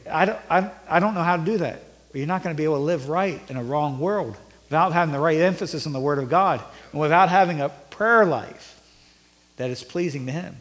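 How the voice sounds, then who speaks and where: A middle-aged male pastor preaching a sermon, rising to emphatic peaks and then dropping low and conversational. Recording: long reverb of a church hall.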